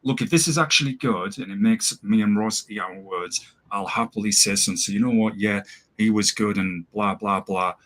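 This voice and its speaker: A man co-hosting a casual movie review show, opinionated and quick to laugh. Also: fairly low pitch, fairly bright tone. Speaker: podcast co-host.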